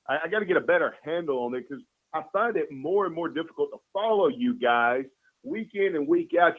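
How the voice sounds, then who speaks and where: Easygoing man on a phone line. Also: a little high. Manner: easygoing, earnest, frequent "man". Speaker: guest, caricature artist. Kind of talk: casual chat.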